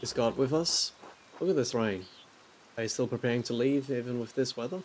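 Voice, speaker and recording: A man's voice: medium pitch, a little fast, slight background noise, close to an everyday voice. A man reading the part of a curious, polite young monastery artist aloud from a game, in his own plain voice. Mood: calm.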